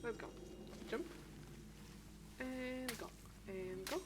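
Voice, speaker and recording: Speaking very slowly in a voice on the high side, a woman chats casually while streaming a game. She thinks aloud, restarting a lot and leaving thoughts hanging, against a steady background noise.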